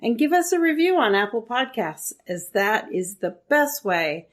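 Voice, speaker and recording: A woman's voice: on the high side, normal speed. A woman co-hosting a podcast, reading out the show's contact details and asking for reviews. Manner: clear, steady read of contact details. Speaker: podcast co-host. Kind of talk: podcast outro announcements.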